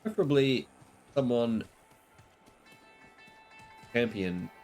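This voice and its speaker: A man's voice: mid-range voice, expressive, a little mellow, faint music behind. A man giving casual gameplay commentary, chatty and a bit self-mocking, his voice stuffy from the flu. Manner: chatty, self-deprecating, lots of pauses. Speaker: gaming video creator.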